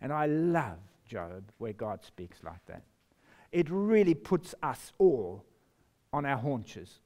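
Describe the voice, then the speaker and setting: A man preaching a sermon, reading scripture slowly and emphatically, with sudden rises and drops in his voice. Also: mid-range voice, very animated, mellow. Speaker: pastor.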